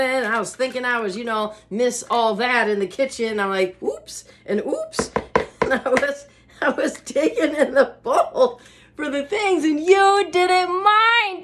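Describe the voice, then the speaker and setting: A bubbly woman hosts a cooking video from her home kitchen. She talks straight to her viewers with a chatty manner and laughs often. Her voice sits at an ordinary middle pitch. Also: a bit bright. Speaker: cooking show host.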